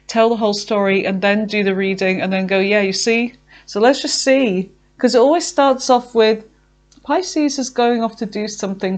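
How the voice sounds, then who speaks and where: Chatty woman giving a tarot reading. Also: medium pitch. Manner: chatty, with frequent fillers and self-talk. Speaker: tarot reader.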